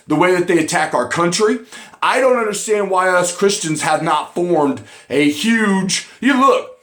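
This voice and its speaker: A man with a notably high voice rants through an online commentary. He is angry and profane, and his talk keeps bursting into shouts. The recording has a roomy echo.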